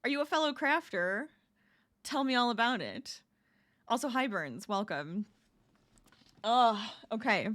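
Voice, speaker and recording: A woman's voice: fairly high pitch, lively intonation, unhurried, long pauses, fairly bright tone. A woman crafting live on stream, chatting casually with her viewers, greeting them and laughing often. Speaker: crafting livestreamer.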